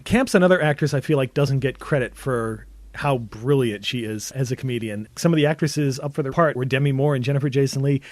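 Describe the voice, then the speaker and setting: Fast-talking enthusiastic male podcaster. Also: medium pitch, a little mellow, no room sound. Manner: quick, enthusiastic, laughs often. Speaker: podcast co-host. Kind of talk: casual film discussion.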